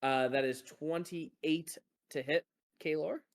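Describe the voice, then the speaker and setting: A man running a tabletop game as dungeon master, relaxed, pausing often with fillers. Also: a little high. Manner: relaxed, with frequent filler pauses.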